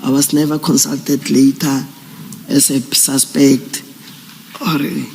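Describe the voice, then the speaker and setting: A man, a police general testifying formally at an inquiry in a halting, measured way with frequent fillers. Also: mid-range voice, flat delivery, vocal fry, darkish tone, long reverb tail, a little hiss or hum, poor audio.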